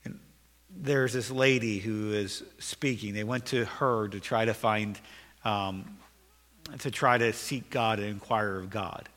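A man's voice: fairly low pitch, fairly even intonation, slow pace, a bit bright, long reverb tail. A man preaching a sermon as pastor, earnest and repeating phrases for emphasis, in a church sanctuary.

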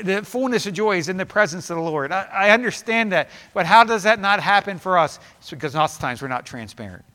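Male pastor, high and bright, emphatic sermon delivery, long reverb of a church hall. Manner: rising to fervent, emphatic preaching with repeated phrases.

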